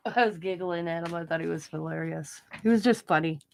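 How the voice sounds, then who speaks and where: A woman's voice: fairly low pitch, moderate pace, gravelly, a little hiss or hum. Middle-aged woman, craft channel host, casual chatty story, rambling, restarts, giggly.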